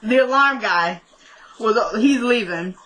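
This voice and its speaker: Bright-voiced woman chatting through a TV recap. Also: a little high, lively intonation, slow, poor audio. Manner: chatty, retells scenes by quoting characters. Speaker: TV episode reviewer. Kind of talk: casual vlog recap.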